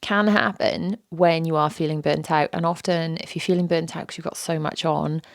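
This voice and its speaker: British mum podcasting with a sore throat, scratchy hoarse low voice, gravelly, dry close sound. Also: female voice, fairly even intonation, normal speed, dry recording. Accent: British English. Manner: chatty, breaks into whispers on a failing voice. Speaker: podcast host; mother. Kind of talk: casual solo podcast talk.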